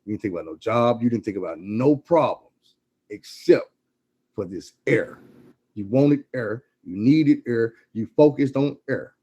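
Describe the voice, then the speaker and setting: A man voicing a calm male mentor who teaches a hard life lesson in a steady, preaching way. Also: medium pitch, unhurried, slightly rough, lo-fi sound. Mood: calm, instructive.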